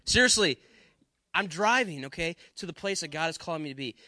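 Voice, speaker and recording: A man's voice: fairly high pitch, animated, fairly quick, sharp tone, no echo. A man from Wisconsin preaching to a live audience, telling a chatty comic story before turning earnest. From Wisconsin, USA.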